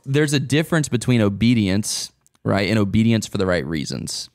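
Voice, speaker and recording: Co-host, low voice with gravel, easygoing and joking, asks the questions. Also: male voice, normal speed. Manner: relaxed, joking, prompts with questions. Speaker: podcast co-host. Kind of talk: casual podcast discussion.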